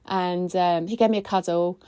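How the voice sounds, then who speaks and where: A woman's voice: moderate pace, clear, resonant tone, dry recording. Chatty woman, dry sound. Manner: chatty and expressive, pitch jumps high when excited. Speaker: podcast host, spiritual coach. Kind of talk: casual weekly chat.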